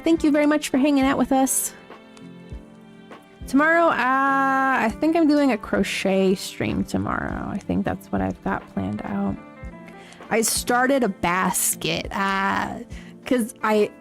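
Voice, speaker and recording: A woman hosting a casual livestream, chatting to viewers in a rambling, halting way with many fillers and giggles. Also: medium pitch, vocal fry. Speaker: livestream host. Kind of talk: casual livestream chat, answering chat. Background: faint background music.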